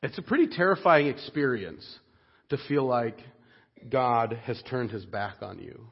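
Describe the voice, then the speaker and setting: A man giving a sermon in an earnest, expressive way, dropping soft and low on grave points. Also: measured pace, creaky, slightly rough. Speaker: preacher. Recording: dull lo-fi recording.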